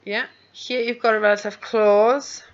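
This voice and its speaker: A woman's voice: a little high, steady tone, unhurried, highs cut off. A woman whose first language is Spanish, an English teacher giving recorded feedback on a speaking task, patiently sounding out words for pronunciation.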